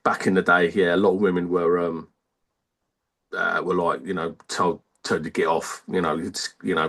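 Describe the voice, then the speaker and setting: A man, an army veteran telling stories in a casual radio interview, halting and rambling with many fillers. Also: low-pitched, a bit bright, slightly rough.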